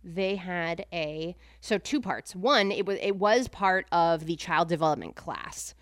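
A woman in her thirties co-hosting a podcast, chatting casually and getting emotional with quick asides. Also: lowish voice, no echo, studio quality. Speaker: podcast co-host. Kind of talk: casual chat.

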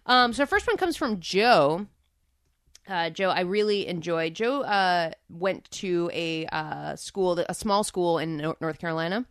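A woman's voice: on the low side, animated, measured pace, a bit bright, clear, resonant tone, no room sound, studio quality. A woman in her thirties co-hosting a podcast, rambling chattily with lots of fillers. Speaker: podcast co-host. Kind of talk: casual chat.

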